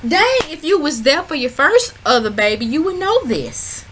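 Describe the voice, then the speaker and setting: A woman's voice: sits high, very animated, normal speed, fairly bright tone, slight background noise, poor audio. A woman recapping a reality show in casual, sassy commentary, talking back at the screen and chatting to her viewers. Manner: chatty, addresses viewers as y'all. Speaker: reality TV reviewer.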